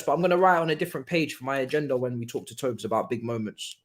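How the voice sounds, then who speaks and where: A young man hosting a live football watchalong, talking in an excitable, slangy way, laughing often and swinging from loud outbursts to quiet asides. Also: medium pitch, racing, hardly any pauses. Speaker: livestream watchalong host.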